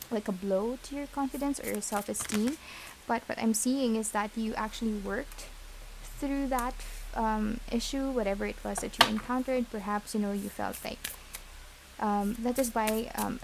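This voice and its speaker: Gravelly-voiced woman tarot reader. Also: medium pitch, a little hiss or hum, low-quality recording. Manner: gentle, reassuring, many fillers. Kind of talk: pick-a-card tarot reading.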